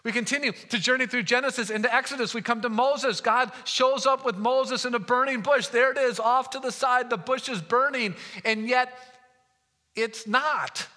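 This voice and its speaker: A man pastor preaching a sermon in a church, telling stories with lively voiced asides. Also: extremely high pitch, moderate pace. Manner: animated storytelling with voiced asides. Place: church sanctuary. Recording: long hall reverb.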